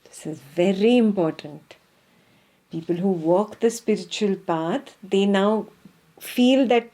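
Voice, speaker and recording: A woman's voice: mid-range voice, slow pace, mellow. A woman with an Indian accent giving an earnest spiritual teaching talk, often checking in with her listeners. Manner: speaks with her hands.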